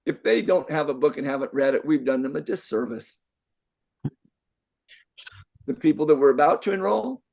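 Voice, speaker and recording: A man's voice: a little high, vocal fry, darkish tone. An older man, a life coach, giving an emphatic motivational talk to a group, repeating himself and firing rhetorical questions. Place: event room with a live group.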